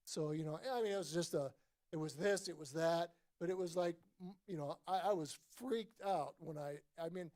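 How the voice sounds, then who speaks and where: Man in his sixties telling a lively story. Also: on the high side, moderate pace. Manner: animated anecdote teller, acts out voices in quotes. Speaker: former baseball player, guest. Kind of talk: casual storytelling at a book event.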